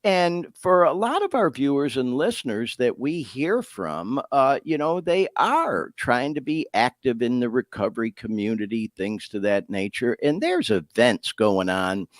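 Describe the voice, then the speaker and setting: A middle-aged man hosting a podcast, talking in a casual, excited way and saying "y'all" and "man" a lot. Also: mid-range voice, unhurried, few pauses, dry recording, studio quality. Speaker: podcast host.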